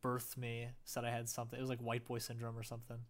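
A man's voice: mid-range voice, monotone, fast talker. A young man telling a rambling story in casual chat, laid-back, with many fillers.

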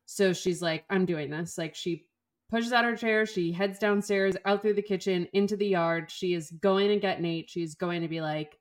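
A woman's voice: mid-range voice, moderate pace. A woman co-hosting a book podcast, chatting casually and getting emotional, stumbling over her words as she retells a novel. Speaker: podcast co-host. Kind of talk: casual book-club chat.

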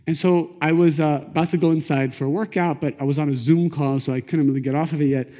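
A middle-aged man teaching a class on Kabbalah, telling stories in a lively conversational way. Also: a little high, fast talker. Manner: animated, conversational, acts out quotes. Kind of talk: lecture storytelling. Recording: echoey lecture hall.

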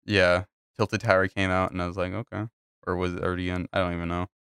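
Guy hosting a chill podcast, real low flat voice, rambly and sweary. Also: fast, smooth, no echo, studio quality. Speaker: podcast host. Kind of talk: casual chat.

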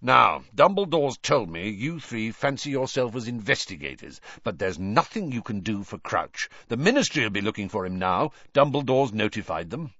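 A man's voice: on the low side, big pitch swings, normal speed, hardly any pauses, fairly bright tone, no room sound, muffled recording, exaggerated voice. A man voicing a grizzled, wary old male wizard with a growling voice and a curt, clipped manner. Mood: gruff.

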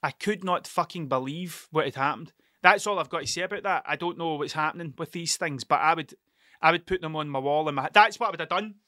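A Scottish man in his thirties with an Ayrshire accent tells a long, digressive story full of swearing and restarts. His voice sits fairly high and sounds bright and edgy. The recording is close and dry, with no room sound. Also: a little fast, no echo. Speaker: podcast host. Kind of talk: rambling solo storytelling.

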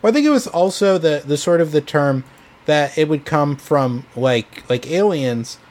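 A man's voice: fairly high pitch, lively intonation, moderate pace, darkish tone. A man co-hosting a casual podcast, presenting a story with many fillers and restarts. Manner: hesitant, filler-heavy, restarts often. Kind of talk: casual chat.

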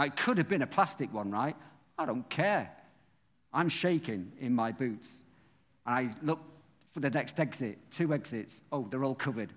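A man's voice: mid-range voice, a bit bright, big-room sound. A man, a pastor preaching a sermon who animatedly acts out the scenes of his story.

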